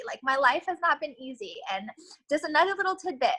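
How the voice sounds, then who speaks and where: A woman's voice: high-pitched, sing-song, quick pace, a bit bright, low-quality recording. A woman giving an earnest, emotional motivational pep talk to new team members over a video call, with many ums. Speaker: team leader giving a training.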